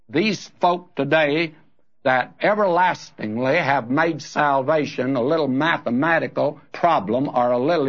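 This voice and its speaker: An older man preaching a sermon, earnest and direct, rising to emphatic rebukes. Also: mid-range voice. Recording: dull lo-fi archival recording.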